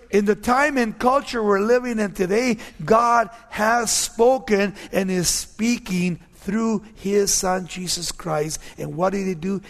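A male pastor preaches a sermon with lively storytelling, often sinking to hushed, quiet tones. His voice sits fairly high and rings with a long hall reverb.

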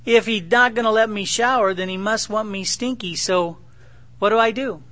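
A man's voice: sits high, moderate pace, sharp tone. A middle-aged man preaching a sermon in a conversational, joking way, acting out his own dialogue with God. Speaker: pastor.

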